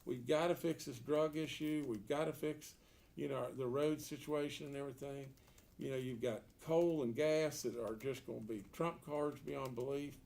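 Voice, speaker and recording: A man's voice: medium pitch, fairly even intonation, moderate pace, creaky, a little mellow. A man, a political candidate answering an editorial board in a folksy, emphatic way, repeating words and asking rhetorical questions. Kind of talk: unscripted interview answer. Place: meeting room around a table.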